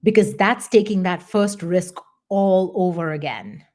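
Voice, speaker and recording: A middle-aged woman coach giving a candid motivational talk, earnest and animated, acting out her own past thoughts. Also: lowish voice, a little slow. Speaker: business coach.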